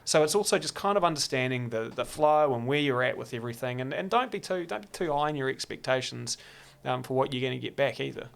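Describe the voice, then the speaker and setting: Gravelly New man telling stories. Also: mid-range voice, fast talker, hardly any pauses. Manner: animated, acts out quotes, lots of restarts. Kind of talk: casual storytelling chat. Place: studio in a computer store.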